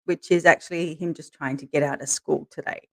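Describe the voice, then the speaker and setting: A woman co-hosting a podcast, telling candid stories in a relaxed way and laughing as she goes. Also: sits low, a little fast. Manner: laughs through her stories, animated quoting. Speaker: podcast co-host, interviewed as guest. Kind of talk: candid conversational storytelling.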